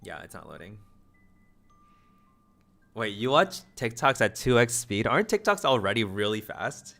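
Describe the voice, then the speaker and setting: Fast-talking low-voiced male streamer. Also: big pitch swings, creaky, a bit bright, faint music behind. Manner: stutters and mumbles, repeats words. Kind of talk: casual live-stream chat with viewers.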